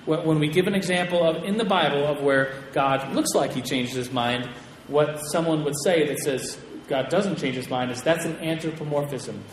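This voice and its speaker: A man teaching a Bible class to a group in a casual, chatty way, with an animated storytelling manner and frequent restarts, in a large hall. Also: fairly high pitch, normal speed. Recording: echoey hall with long reverb, faint room noise.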